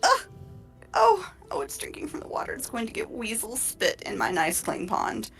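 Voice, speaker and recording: A woman voicing a fussy female pond frog who gossips in a squeaky, disgusted voice for a tabletop game. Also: huge pitch swings, normal speed, creaky, fairly bright tone, full character voice. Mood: shrill alarm. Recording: faint music behind.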